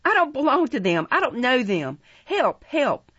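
A woman's voice: medium pitch, very animated, normal speed, a little mellow, breathy edge, dry recording, lo-fi sound. A woman voicing a frightened small orphan boy who pleads that he is being taken by strangers. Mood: panicked. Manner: panicked, pleading.

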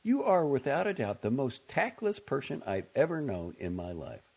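A man's voice: medium pitch, wildly swooping pitch, normal speed, vocal fry, husky, pitched above the performer's own voice, exaggerated voice. A man voicing a nervous, exasperated young woman in an audiobook reading, talking sharply and pleadingly. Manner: sharp, pleading, raised in heat. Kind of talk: audiobook character voice. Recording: dull lo-fi audio.

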